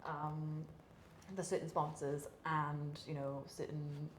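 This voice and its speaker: A woman's voice: deep voice, little pitch movement, takes it slowly. A young British woman, a professional athlete, chatting candidly in an interview with lots of fillers and laughs. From Britain. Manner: chatty, many fillers, laughs between thoughts. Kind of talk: candid casual interview talk. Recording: echoey room, faint hiss.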